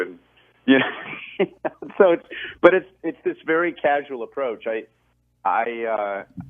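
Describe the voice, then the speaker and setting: A man's voice: medium pitch, expressive, slow pace, pauses often. Man talking over a tinny phone line. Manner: rambling, self-deprecating, many restarts and laughs. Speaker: actor and film director, guest.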